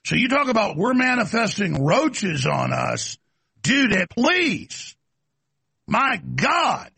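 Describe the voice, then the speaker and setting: A man's voice: high-pitched, very animated, takes it slowly, vocal fry, pushed and bright, breathy edge, no echo. A man hosting a talk show, delivering an aggressive, mocking rant. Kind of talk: combative talk show monologue.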